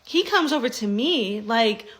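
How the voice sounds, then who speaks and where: Young woman spilling family drama, kinda high voice, acts out what people said. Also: unhurried, poor audio. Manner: animated, mimics voices in quotes. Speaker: storyteller. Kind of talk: casual storytime.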